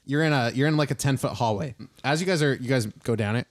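A young man runs a tabletop game, narrating scenes with frequent ums and restarts. His voice sits at an ordinary middle pitch. The sound is dry and close. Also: quick pace, no room sound. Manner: hesitant, many ums and uhs. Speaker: game master.

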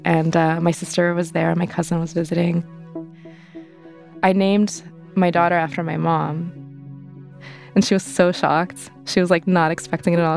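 A woman's voice: fairly low pitch, fairly even intonation, moderate pace, gravelly, a little mellow, faint music behind. A young woman telling a personal story in an interview, candid and loose, full of "like" fillers. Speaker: interview guest.

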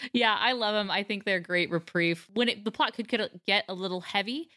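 A woman from the United States with a bright, forward voice co-hosts a podcast. She talks about a film in a relaxed, chatty way and laughs often. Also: mid-range voice, moderate pace, dry recording, clean studio sound. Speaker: podcast co-host. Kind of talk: casual movie discussion.

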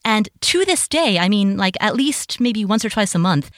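In the outro of her solo podcast, a woman reads listener reviews with very animated enthusiasm, chatting at a normal speed in a mid-range voice and articulating each word carefully. Nepali is her first language. She records from a home closet on a home studio mic, with studio-quality sound and no room sound.

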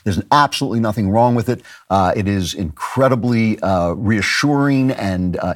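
A man hosting a show, answering listener questions in an unhurried, halting way with many fillers. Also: fairly low pitch. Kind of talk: casual commentary.

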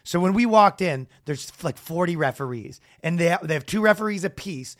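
A man telling a comedic story on a podcast, loud and animated, with bursts of shouted announcer impressions. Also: high voice, moderate pace. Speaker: podcast co-host.

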